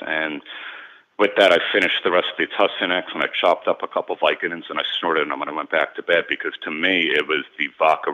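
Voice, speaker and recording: A man's voice: a bass voice, level tone, brisk, lo-fi sound. A man, a sports and celebrity agent, candidly recounting his own story as a guest in an interview, earnest and repeating words when moved.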